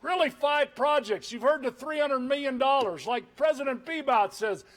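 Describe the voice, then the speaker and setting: A man, a governor, giving an energetic, conversational public address to a crowd. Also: very high-pitched, moderate pace.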